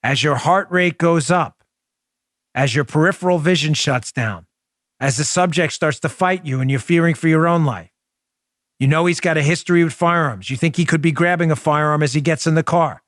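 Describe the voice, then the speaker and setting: A man in his forties with a New York Queens accent hosts an opinionated talk show in a fairly high voice. He speaks emphatically and keeps putting rhetorical questions straight to his listeners. The recording is dry and close. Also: normal speed, a bit bright, no echo. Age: 40s.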